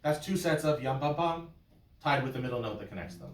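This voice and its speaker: Playful cantor teaching a class. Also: male voice, mid-range voice, animated, quick pace. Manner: playful, uses memory tricks. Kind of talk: teaching a class, explaining with sung examples. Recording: roomy and from far off.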